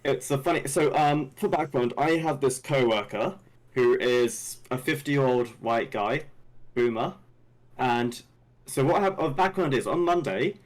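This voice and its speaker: A man's voice: medium pitch, unhurried, rough recording. A man, co-hosting a podcast and telling a rambling story with lots of restarts. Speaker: podcast co-host. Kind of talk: casual storytelling.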